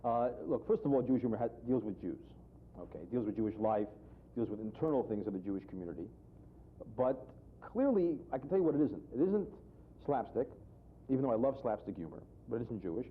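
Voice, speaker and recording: A man, a humorist guest in a TV studio, telling a joke and talking about humor, acting out voices with big jumps in pitch. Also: fast, slight background noise. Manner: animated storyteller, acts out characters with sharp jumps in pitch. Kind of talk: joke telling and interview talk. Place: television studio. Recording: tinny phone-like archive broadcast.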